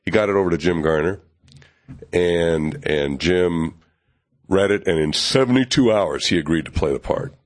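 Older man with a deep, low voice; lively anecdote teller who slips into other people's voices. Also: moderate pace. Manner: animated, acts out other people's lines; frequent fillers and restarts. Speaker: television writer and producer. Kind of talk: anecdotal storytelling in an interview.

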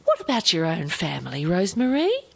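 A woman voicing a middle-aged neighbour wife with an overbright, high manner. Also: wildly swooping pitch, fairly quick, creaky, breathy edge, heavily acted.

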